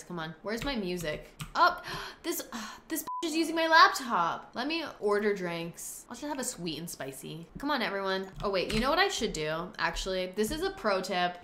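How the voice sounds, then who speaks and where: A woman hosting a let's-play video, with excitable, dramatic commentary full of gasps and exclamations. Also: lowish voice, slight background noise. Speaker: gaming host.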